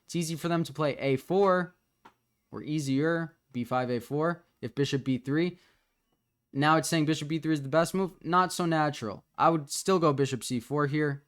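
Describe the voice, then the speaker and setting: A man as a chess coach, casually talking through the moves of a student's game as he reviews it. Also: a little high.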